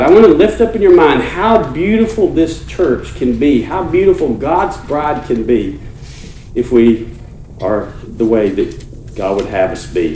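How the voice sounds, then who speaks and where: A man's voice: mid-range voice, darkish tone, recorded from a distance. A man preaching a conversational sermon to his congregation as their pastor, earnest and repeating words as he restarts phrases. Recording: roomy church echo, faint noise.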